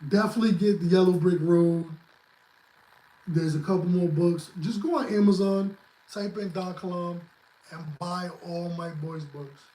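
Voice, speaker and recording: A man's voice: high voice, moderate pace, warm tone, echoey room, rough recording. A man chatting as a guest on a livestream, blunt and profane as he gives emphatic advice. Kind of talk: casual livestream chat.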